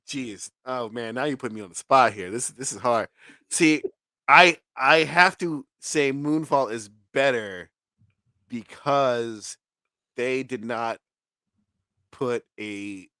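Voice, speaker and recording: A podcast co-host with a bright, forceful mid-range voice takes it slowly in a dry, clean studio recording. He chats casually about movies, laughing a lot and swearing freely.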